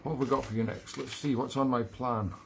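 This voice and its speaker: A man's voice: mid-range voice, fairly even intonation, fairly quick, gravelly, a bit bright, a little hiss or hum. A Scottish man hosting a live music stream, chatting casually and rambling between tunes in a self-deprecating way. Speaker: musician hosting a livestream show.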